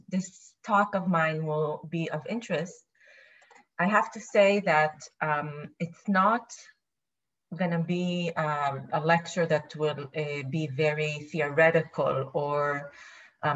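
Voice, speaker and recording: A woman's voice: sits low, fairly bright tone. Nervous woman lecturing over video call. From Israel. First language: Hebrew. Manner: nervous, apologetic, thinking aloud. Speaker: guest lecturer. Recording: dull lo-fi video call audio.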